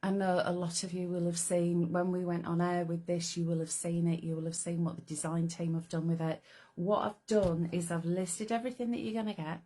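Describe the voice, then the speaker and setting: A woman's voice: on the low side, flat delivery, fairly quick, dark tone. A woman hosting a casual live craft stream, chatting away and greeting viewers by name. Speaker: livestream host.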